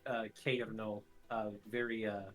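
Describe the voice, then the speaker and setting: A man's voice: lowish voice, flat delivery, a little slow, faint music behind, poor audio. Man playing a tabletop game. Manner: casual, filler-heavy. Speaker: player.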